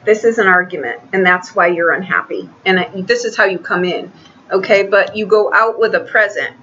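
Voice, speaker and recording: A woman giving a casual tarot reading, talking in a chatty, halting way with many restarts. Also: medium pitch, a bit bright, lo-fi sound, a little hiss or hum. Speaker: tarot reader.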